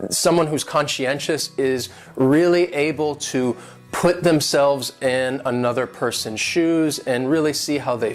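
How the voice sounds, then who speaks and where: A man teaching English vocabulary, patiently breaking words into syllables and stress. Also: mid-range voice. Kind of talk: vocabulary and pronunciation lesson.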